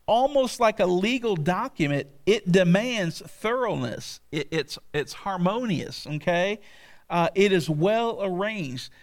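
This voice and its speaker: A middle-aged man preaching a sermon, telling folksy stories and checking in with listeners with frequent asides. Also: on the high side. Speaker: pastor.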